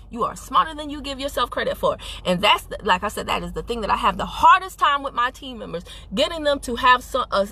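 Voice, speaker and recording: A woman's voice: on the high side, pushed and bright, slightly rough. A woman giving an emphatic, sassy motivational talk on a live stream, speaking into a phone while driving her car. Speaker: network marketing team leader.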